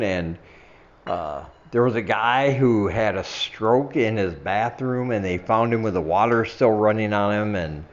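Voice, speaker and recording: An older man chatting casually to his viewers in a vlog, laughing at himself and slurring his words a little after some wine. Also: dull audio. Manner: chatty, laughs at himself, drifts into a low mumble at the ends of phrases. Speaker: vlogger. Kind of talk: casual chat to camera.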